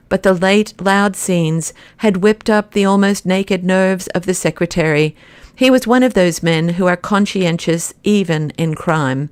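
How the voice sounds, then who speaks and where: Brief: a woman in a low register reading classic fiction, measured and close-miked dry. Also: clear, resonant tone, dry recording. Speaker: audiobook narrator. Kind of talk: scripted narration.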